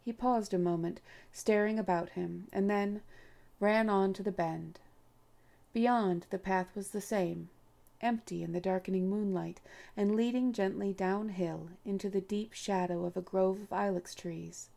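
A woman narrating an audiobook in a measured, unhurried way. Her voice is dark and mellow with a gravelly fry underneath. Her pitch sits in an ordinary middle range for a woman. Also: fairly even intonation. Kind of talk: scripted narration.

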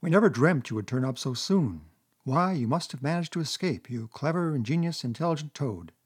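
A man's voice: a little high, expressive, fairly quick, slightly rough. A man voicing a homely, blunt male mole who grumbles and talks plainly. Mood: delighted. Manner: bluff and grumbling.

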